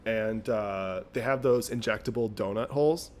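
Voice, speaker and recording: A young man with a somewhat low voice co-hosts a casual podcast. He reacts with laughter and swears freely as he tells his own story. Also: normal speed. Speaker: podcast co-host. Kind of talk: casual chat.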